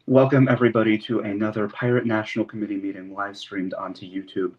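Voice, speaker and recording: A man's voice: on the low side, little pitch movement, fast. Man chairing a video-call meeting. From Indiana. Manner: polite, procedural, with filler ums. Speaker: committee chair. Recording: dull lo-fi call audio with faint hiss.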